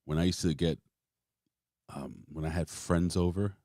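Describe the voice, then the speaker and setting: A man's voice: sits low, normal speed, no echo, studio quality. A man in his forties hosting a casual wrestling podcast, rambling and swearing as he tells stories. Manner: rambling, swears freely, animated storytelling. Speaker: podcast host.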